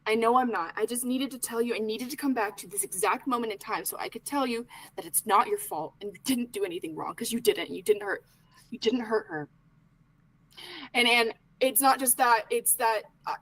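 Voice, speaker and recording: A woman's voice: fairly high pitch, a bit bright, poor audio. A woman playing a desperate young man, pleading. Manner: halting, pleading, drops to whispers.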